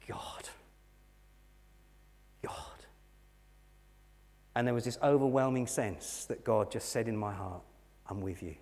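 Earnest English preacher in an echoing hall. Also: male voice, lowish voice. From England. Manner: earnest storytelling, dropping to soft intensity. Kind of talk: sermon. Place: church hall. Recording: long hall reverb.

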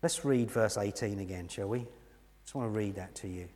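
Earnest English preacher in an echoing hall. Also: male voice, on the low side, brisk. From England. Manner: earnest storytelling, dropping to soft intensity. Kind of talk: sermon. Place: church hall. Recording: long hall reverb.

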